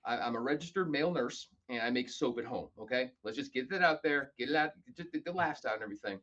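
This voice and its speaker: A man telling stories casually as a podcast guest, animated and acting out other people's lines. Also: medium pitch, quick pace, dull audio. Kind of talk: casual storytelling.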